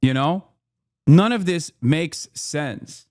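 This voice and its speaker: A man giving heated political commentary as a streamer, angry and profane, ranting fast with mocking repetition. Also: a little high, animated, darkish tone, no echo, clean studio sound.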